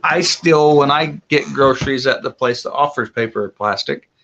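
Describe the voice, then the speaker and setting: A man's voice: medium pitch, moderate pace, fairly bright tone, lo-fi sound, slight background noise. A man co-hosting a homestead livestream in a casual, folksy way, answering viewer questions. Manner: easygoing, folksy, reads viewer comments aloud. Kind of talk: casual live-stream chat.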